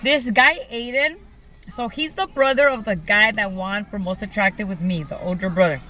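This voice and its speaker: Bright-voiced young woman telling a story. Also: medium pitch, normal speed, rough recording. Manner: chatty, says "like" and "you guys" often. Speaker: vlogger. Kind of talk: casual storytelling to viewers.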